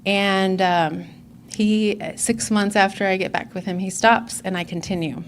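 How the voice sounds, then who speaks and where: A woman's voice: mid-range voice, steady tone, measured pace, slight background noise. A woman in her forties giving an earnest, candid personal testimony as a speaker at a recovery conference.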